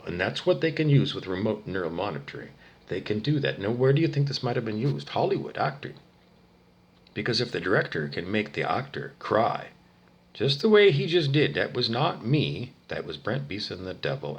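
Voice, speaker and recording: A man ranting angrily and profanely to the camera, swinging between low muttering and loud outbursts. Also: husky. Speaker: vlogger. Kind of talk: angry solo rant to camera.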